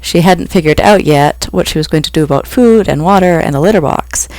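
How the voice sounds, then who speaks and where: An author reading a novel aloud, with steady, even narration. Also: mid-range voice, a little fast, no room sound. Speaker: author reading own book. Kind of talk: audiobook reading.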